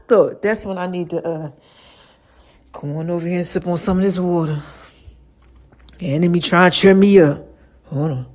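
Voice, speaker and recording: A woman's voice: lowish voice, animated, moderate pace, pauses often. A woman speaking, hosting a podcast as a casual monologue, slangy and playful, often laughing. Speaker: podcast host.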